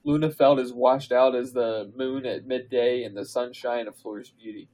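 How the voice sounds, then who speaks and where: A man co-hosting a podcast, reading fan fiction aloud in a comedic dramatic reading, pausing for laughs and asides. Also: mid-range voice, fairly even intonation, darkish tone, poor audio. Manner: reads slowly, breaks into laughs and asides.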